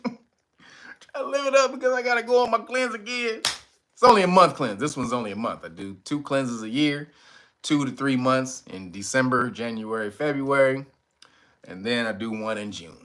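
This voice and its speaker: Expressive and fairly quick, a middle-aged livestream host keeps things casual with loud joking. Frequent laughter and sudden high, playful voices punctuate his talk.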